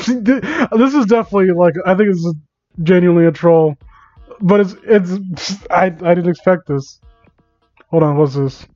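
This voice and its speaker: A man's voice: sits high, unhurried, a little mellow, soft background music. A man reading fan fiction aloud for comedy, stumbling over words and rambling in asides, on a dull lo-fi mic.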